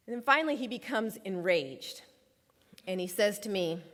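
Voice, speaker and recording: A woman's voice: mid-range voice, expressive, normal speed, a bit bright. A woman telling a personal story from her time as a lawyer in a public talk, vividly acting out the dialogue she quotes. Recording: long hall reverb.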